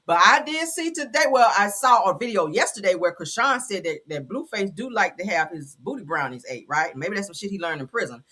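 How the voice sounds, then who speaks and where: A woman's voice: medium pitch, husky. A woman hosting a gossip commentary show, talking bluntly and sassily with plenty of cursing. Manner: blunt, profane, sassy and animated. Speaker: commentary channel host.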